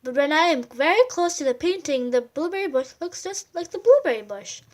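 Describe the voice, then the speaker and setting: A woman voicing a small, shy girl mouse who paints, speaking earnestly and gently. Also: high-pitched, animated, fairly quick.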